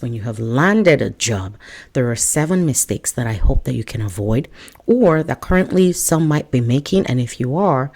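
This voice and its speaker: Woman, career coach, advice to camera, chatty, animated, joking asides. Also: very deep voice. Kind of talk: direct-to-camera advice talk.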